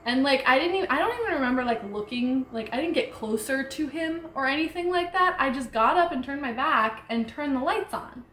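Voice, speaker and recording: Young woman rambling thru a spooky story, lots of "like", kinda high voice, echoey room. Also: lively intonation, normal speed, fairly bright tone. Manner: chatty, rambling, full of "like". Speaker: vlogger telling a true ghost story. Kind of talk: casual storytelling.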